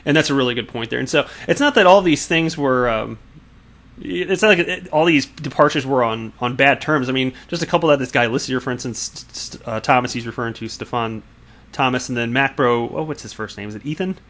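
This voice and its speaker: A man's voice: mid-range voice, fairly quick, a bit bright. Chatty, amused man hosting a news vlog. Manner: chatty, chuckles often, amused asides; frequent restarts and self-corrections. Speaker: crypto news channel host. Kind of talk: casual commentary on news and tweets.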